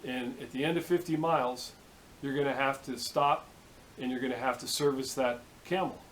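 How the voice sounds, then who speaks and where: A man's voice: mid-range voice, steady tone, normal speed, fairly bright tone, a little hiss or hum, lightly acted, poor audio. A man voicing a matter-of-fact male camel dealer in a spoken joke, barely shifting from his own voice.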